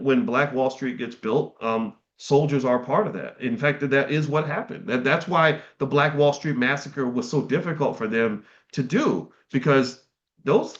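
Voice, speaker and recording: A man's voice: medium pitch, muffled recording. A middle-aged man hosting a livestream, speaking earnestly to his chat viewers, often repeating words and restarting his sentences. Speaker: livestream host.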